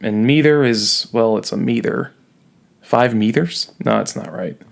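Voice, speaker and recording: A man's voice: medium pitch, a little slow, creaky. A man teaching a recorded lesson, playful and jokey, leaning hard on key words. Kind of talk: recorded classroom lecture.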